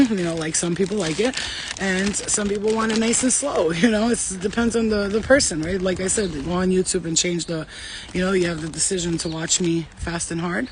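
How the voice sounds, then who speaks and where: High-voiced man, fast and profane. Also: background noise. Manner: fast, profane, playful, talks straight to chat. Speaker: spiritual reader, live-streaming host. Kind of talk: casual live-stream chat with viewers.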